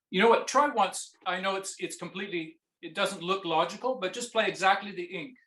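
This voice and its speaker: A man coaching a viola student in a masterclass, singing phrases on nonsense syllables and asking gentle questions. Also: high-pitched, a little fast, hardly any pauses, roomy sound.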